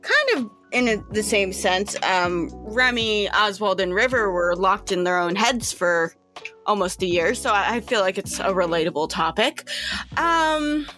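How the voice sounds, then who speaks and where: A woman's voice: medium pitch, unhurried, sharp tone, faint music behind. A woman narrating as game master of a tabletop role-playing game, casual and chatty, with many fillers and restarts.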